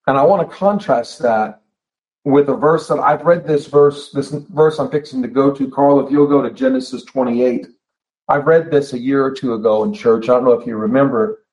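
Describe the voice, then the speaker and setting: A man preaching a sermon in a church, earnest and emphatic, repeating phrases and slowing down to stress key words. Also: mid-range voice, darkish tone. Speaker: pastor. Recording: slightly dull lo-fi sound.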